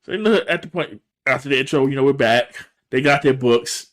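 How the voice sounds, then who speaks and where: On a podcast, a man with a medium-pitched voice recaps a TV episode at a slightly quick clip. His delivery is casual but animated, hopping between voices to act out what the characters say.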